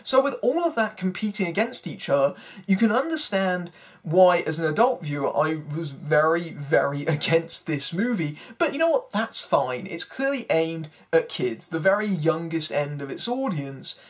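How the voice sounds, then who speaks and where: Husky, sarcastic film critic. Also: medium pitch, expressive, normal speed. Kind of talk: spoken film review.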